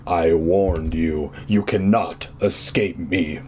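A man reading a storybook aloud and voicing a menacing caped man in black who speaks in a slow, low growl. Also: steady tone, warm tone, slight background noise.

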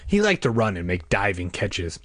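Guy reading a kids book out loud, lively up and down voice, kinda husky, jokes around. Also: lowish voice, normal speed, dry recording, clean studio sound. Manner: casual, cracks crude jokes between passages. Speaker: reader. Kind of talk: reading a children's novel aloud.

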